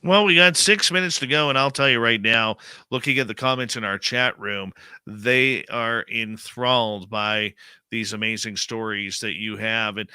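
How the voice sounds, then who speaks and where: Bright, crisp-voiced radio host. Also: male voice, fairly low pitch, no room sound. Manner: eager and fast-talking. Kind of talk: radio interview.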